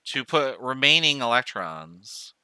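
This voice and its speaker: A man gives a recorded chemistry lecture in a very bright, crisp and smooth voice. He talks through each step aloud, counting off items and correcting himself as he goes. The sound is dry and close. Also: medium pitch, very animated, unhurried, dry recording. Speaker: chemistry professor.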